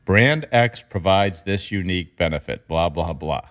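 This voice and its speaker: A man discussing marketing in an emphatic, animated way, his pitch jumping up when he makes a point. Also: moderate pace. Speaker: marketing commentator. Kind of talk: conversational discussion.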